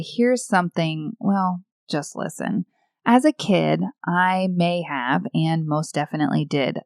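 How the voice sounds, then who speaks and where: A woman's voice: sits low, no room sound, clean studio sound. A woman hosting a podcast, telling a devotional story in a playful, self-deprecating way from a script. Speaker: podcast host.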